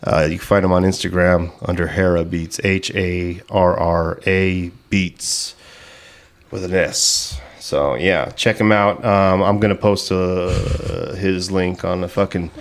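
A man's voice: sits low, level tone, measured pace, few pauses. A man hosting a comedy podcast, rambling through stories in loose, profane banter. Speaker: podcast host.

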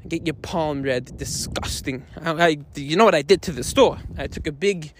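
A man's voice: a little high, normal speed, a little hiss or hum. A man hosting a comedy podcast, telling a rambling, mock-outraged story and laughing at his own jokes. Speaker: podcast host. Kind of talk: comedic monologue in character.

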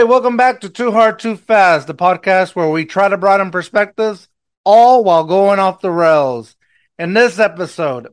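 A man with a Mexican accent hosting a podcast in casual chat, excitable and rambling, laughing often and restarting sentences. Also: high-pitched, no echo, studio quality. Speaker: podcast host.

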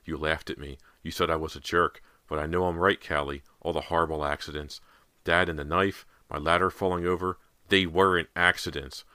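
A defiant teenage girl from a spooky storybook, hushed and urgent, her voice pitched up over a bright, pressing tone, as a man reads her. Dry and close to the ear. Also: steady tone, brisk, no echo. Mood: desperate.

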